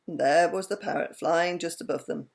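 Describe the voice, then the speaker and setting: A woman reads a children's story aloud with expressive delivery. Her voice sits low and carries a gravelly texture. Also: normal speed. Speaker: storybook reader.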